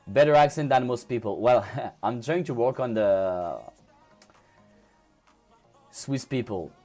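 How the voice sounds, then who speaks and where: Faint music plays behind this French-accented crypto livestreamer, a native speaker from France. Speaking slowly in an animated, warm, mid-range voice, he chats casually with viewers and frequently restarts or repeats his words.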